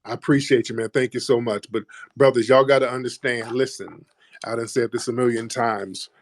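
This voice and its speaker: A man's voice: mid-range voice, fairly even intonation, a little fast, dry recording. A man hosting a call-in talk show, speaking bluntly and mocking callers. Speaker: host.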